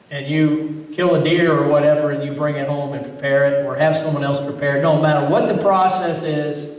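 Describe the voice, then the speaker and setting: A man's voice: fairly high pitch, a little mellow. A male pastor delivering a sermon in a church, earnest and emphatic, posing rhetorical questions to the congregation. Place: church sanctuary. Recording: echoey church hall, mic at a distance.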